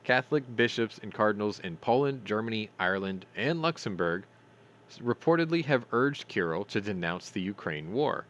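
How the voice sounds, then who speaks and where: A man's voice: lowish voice, expressive, moderate pace, a bit bright, highs cut off. A man hosting a news commentary stream, reading articles aloud and adding sarcastic, profane remarks, stumbling over names.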